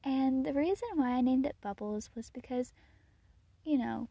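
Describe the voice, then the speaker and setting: A teenage girl hosting her own podcast, chatting casually and gushing about the children she works with, full of "like" and soft laughs. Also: high-pitched, normal speed, gravelly, slightly rough, dry recording. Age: teens. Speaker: podcast host. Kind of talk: casual solo podcast chat.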